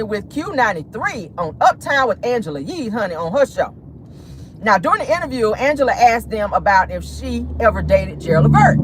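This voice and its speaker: A gossip host dishes celebrity news in a casual, sassy way, and the voice leaps up and down with exclamations. The recording was made in a car, with faint road noise behind the voice. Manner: sassy, exclamatory, dramatic pitch swings. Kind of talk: casual gossip commentary to viewers.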